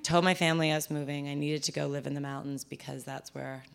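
A woman from the US East Coast tells a personal story live, her voice sitting low for a woman. She speaks casually and pokes fun at herself, often breaking off and restarting her sentences. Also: flat delivery, fast talker, creaky. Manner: conversational, self-deprecating, with frequent restarts.

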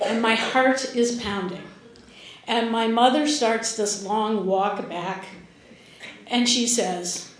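Brief: older woman, high voice, slow and wry storytelling in an echoey hall. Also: a crowd in the background. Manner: wry, amused, often laughing while speaking. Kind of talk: personal storytelling to an audience.

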